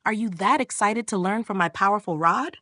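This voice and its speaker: A woman's voice: fairly high pitch, expressive, moderate pace, a bit bright, no room sound, clean studio sound. A woman voicing a cocky, teasing young man in a manga recap, with a smug manner.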